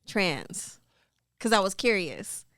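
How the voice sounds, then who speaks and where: A woman's voice: medium pitch, very animated, slow pace, fairly bright tone, no echo, studio quality. A woman guesting on a podcast, chatting candidly in loose, trailing phrases with giggles. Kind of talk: casual chat.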